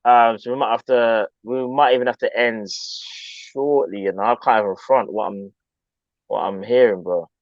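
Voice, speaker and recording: A man's voice: mid-range voice, fairly even intonation, moderate pace, no echo, muffled recording. A man hosting a fan call-in show, laid-back and slangy, saying "bro" often. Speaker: host. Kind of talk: casual call-in chat.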